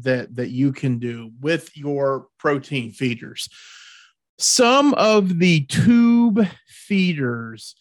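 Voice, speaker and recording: A man with a higher-pitched voice hosts a hunting show, recorded cleanly in a studio with no room sound. In casual podcast-style chat he talks in a folksy way, repeats his words, and gets pushy about tips.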